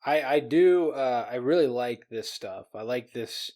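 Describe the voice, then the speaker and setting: Laid-back man with a middle-pitched voice. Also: lively intonation, measured pace, a little mellow. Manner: rambling, with many fillers and restarts, laughs along. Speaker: podcast co-host. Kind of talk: casual chat.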